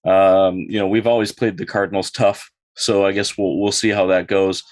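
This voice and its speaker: A man co-hosting a casual sports podcast, talking in a relaxed, measured way. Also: low-pitched, no room sound, studio quality. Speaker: podcast co-host.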